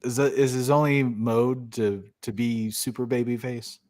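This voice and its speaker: A man's voice: mid-range voice, level tone, a little slow, darkish tone. A man co-hosting a podcast in casual chat, blunt and profane and laughing often. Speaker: podcast co-host.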